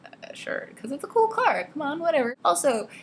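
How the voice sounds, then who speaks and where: A young woman vlogger reading a novel aloud and ranting about it, sarcastic and exasperated, swearing freely and squeaking high when she mocks lines. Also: sing-song, moderate pace, slight background noise. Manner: jumps to squeaky high pitch when mocking quotes. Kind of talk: casual ranting book commentary.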